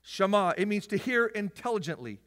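A man preaching a sermon as pastor, emphatic and repetitive, rising to shouts and dropping into jokey asides. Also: fairly high pitch, normal speed. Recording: long hall reverb.

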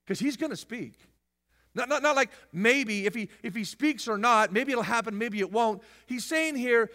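A man preaching a sermon as pastor, emphatic and repetitive, rising to shouts and dropping into jokey asides. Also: high-pitched, moderate pace. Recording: long hall reverb.

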